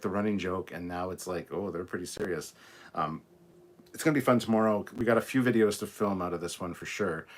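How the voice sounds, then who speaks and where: A low-pitched British man hosts a casual livestream, reacting to an episode and thanking his viewers. He talks in an excited, rambling way, full of ums and quick laughs. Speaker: livestream host.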